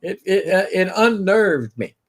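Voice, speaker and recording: A man chatting casually as a regular on a livestream, relaxed, with short agreements. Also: high-pitched, a little slow. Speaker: regular co-host. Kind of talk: casual chat.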